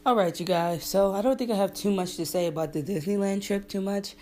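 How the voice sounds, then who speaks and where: Rambling and profane, a young podcast host tells a slang-heavy story and performs the quotes of the people in it. She talks a little fast in a mellow, mid-range voice over soft background music.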